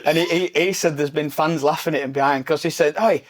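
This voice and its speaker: Man, podcast host, animated storyteller, slightly higher voice, laughs a lot. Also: fast. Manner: animated storyteller, laughs often, acts out swearing managers. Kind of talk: casual podcast chat.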